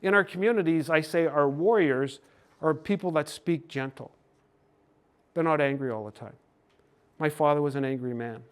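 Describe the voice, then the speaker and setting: An older Canadian man giving a gentle, folksy storytelling talk to a hockey team. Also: a little high, normal speed, pauses often, clear, resonant tone. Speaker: speaker on cultural mindfulness.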